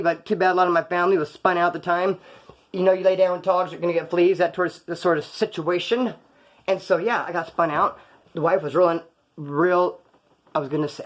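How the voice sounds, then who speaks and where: A man's voice: high voice, fairly bright tone. A man telling wild stories from his past in a casual, slangy, profane way, acting out the voices of the people he quotes. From California. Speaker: storyteller recounting his past.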